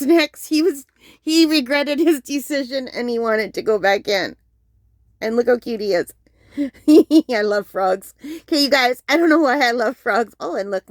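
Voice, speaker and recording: A woman's voice: on the high side, dry recording, studio quality. A young woman hosting a casual unboxing vlog on her crafting channel. She keeps breaking into helpless giggles as she talks.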